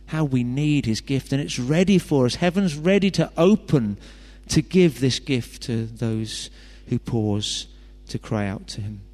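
A man's voice: medium pitch, lively intonation, measured pace, few pauses, darkish tone. A man preaching a sermon, chatty and full of rhetorical questions and joking asides. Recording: long hall reverb.

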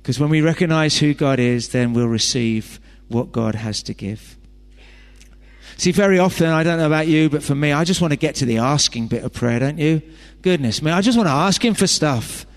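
A man's voice: fairly high pitch, lively intonation, normal speed. A man preaching a sermon, chatty and full of rhetorical questions and joking asides. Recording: long hall reverb.

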